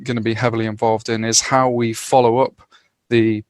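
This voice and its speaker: A middle-aged male physician answers questions on a podcast, thinking aloud with small hesitations. His mid-pitched voice is recorded dry and close, with no room sound. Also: flat delivery, dry recording. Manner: hesitant, measured, with fillers. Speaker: hospital doctor, guest. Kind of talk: casual podcast conversation.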